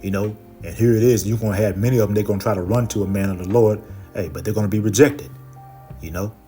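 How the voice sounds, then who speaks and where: A man with a low, mellow voice preaches from scripture over faint music. He keeps dropping "okay" and "you know" between phrases. When he reads a verse, he slows down and leans in. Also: steady tone. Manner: reads verses slowly and louder. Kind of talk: scripture teaching.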